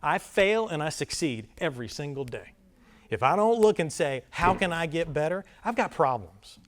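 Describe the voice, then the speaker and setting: A man leading a live filmmaking workshop for an audience, talking in a rambling, self-deprecating, animated way. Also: on the high side, normal speed. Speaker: workshop presenter. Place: conference room before a live audience.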